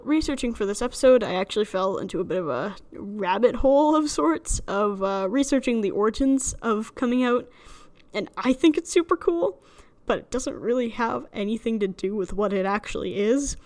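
A young woman with a slight lisp hosting a solo podcast, chatty and rambling, joking at her own expense. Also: fairly high pitch. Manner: chatty, rambling, self-deprecating with frequent laughs. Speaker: podcast host. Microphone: studio microphone alone in a room.

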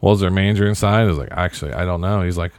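A man's voice: deep voice, rapid-fire, no echo. A man in his thirties co-hosting a casual podcast, telling a long story in a laid-back, wry way and acting out what others said. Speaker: podcast co-host.

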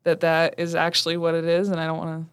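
A young woman co-hosts a student podcast in a relaxed, talkative way, laughing easily. Her voice sits a little low and sounds smooth and clean. The recording is dry and close. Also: fast talker, no echo. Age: young adult. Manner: chatty, laughs often. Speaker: student radio host. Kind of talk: casual podcast chat.

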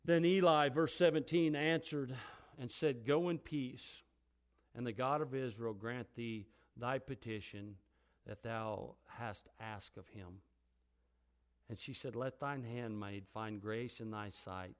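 A man preaching a sermon. He reads scripture quietly and in a lower voice, then grows loud and high as he preaches on it. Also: takes it slowly.

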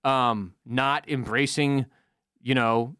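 Dude on a podcast recapping an episode, close dry mic, breaks into silly voices for quotes. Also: male voice, mid-range voice, takes it slowly, clean tone, no room sound. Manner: animated, acts out quotes in put-on voices. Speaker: podcast co-host. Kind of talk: casual recap chat.

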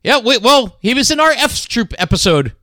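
High bright-voiced man, trivia talk. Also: big pitch swings, moderate pace, no echo, studio quality. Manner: hesitant, many fillers, full of trivia. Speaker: podcast co-host. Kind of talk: casual chat about old sitcoms.

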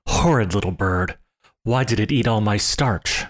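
A man's voice: fairly low pitch, unhurried. A man voicing a cruel, cross old woman who scolds spitefully in a storybook reading.

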